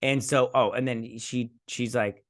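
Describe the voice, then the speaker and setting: A man's voice: medium pitch, fairly even intonation, a little slow. A young man from Michigan casually recapping a TV episode, rambling and acting out characters' lines as he goes. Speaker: host.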